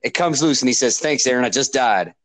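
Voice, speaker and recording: A man's voice: medium pitch, brisk, no room sound. Guy telling a family story, voice swings up and down a lot, dry sound. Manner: lively, chuckling storyteller. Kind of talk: casual podcast chat.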